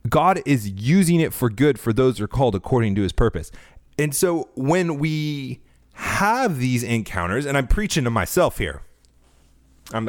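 A man's voice: medium pitch, dry recording, studio quality. A man hosting a faith-based business podcast, talking earnestly, often restarting his sentences and getting fired up as he preaches. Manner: earnest, self-correcting, animated preaching tone. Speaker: podcast host.

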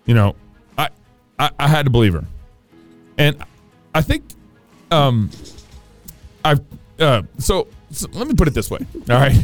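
Playful joking podcast host, lively voice. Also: male voice, a little high, slow pace, pauses often, soft background music. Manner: playful, rambling, self-mocking. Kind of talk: joking commentary.

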